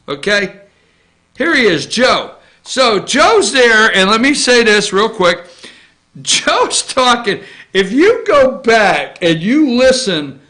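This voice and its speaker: A man hosting a casual opinion show, rambling through a list with jokes and asides. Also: high voice. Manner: joking, rambling, animated, with asides. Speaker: host.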